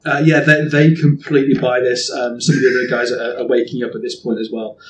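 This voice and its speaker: A man narrating as game master of a tabletop game, rambling with many pauses and fillers. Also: mid-range voice, little pitch movement, slight background noise. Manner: rambling, hesitant, laughs often.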